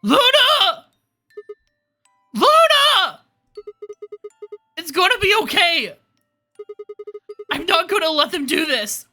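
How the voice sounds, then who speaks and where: A woman voicing a frantic young game hero, shouting and pleading in a bright, sharp voice. Faint lo-fi music plays behind. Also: very high-pitched, sing-song, takes it slowly, pauses often, pitched above the performer's own voice, exaggerated voice. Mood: desperate. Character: desperate young man crying out for a friend. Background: faint lo-fi background music.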